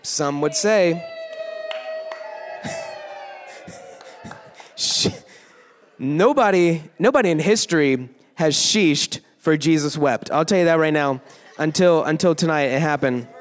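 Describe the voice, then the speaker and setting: A young man giving a joking youth sermon, teasing the crowd with quick asides in a large worship hall. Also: fairly high pitch, soft background music. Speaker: youth pastor. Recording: echoey hall.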